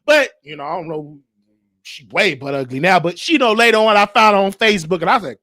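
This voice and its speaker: A man hosting his own show, telling a story in a casual, animated way and mimicking the people in it. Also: quick pace, no echo, clean studio sound. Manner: animated, mimics others, drops to a low crooning voice. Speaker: show host.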